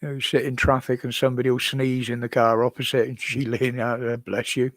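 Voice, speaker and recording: A man's voice: medium pitch, level tone, a little fast, no echo. Older chatty British man, dry sound. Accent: British English. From United Kingdom. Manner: rambling, chatty, chuckles often. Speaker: live-stream host. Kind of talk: casual chat answering viewers. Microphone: desk microphone.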